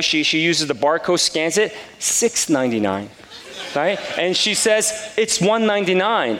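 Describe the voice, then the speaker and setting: Male pastor, fairly high voice, loud animated storyteller, long hall reverb. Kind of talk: sermon with personal story.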